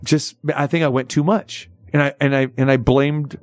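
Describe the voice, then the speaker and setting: A man's voice: medium pitch, normal speed, no echo, clean studio sound. A middle-aged man telling a long story in casual chat, often restarting his sentences and acting out the voices of the people in it. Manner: animated, restarts often, acts out dialogue in a raised voice.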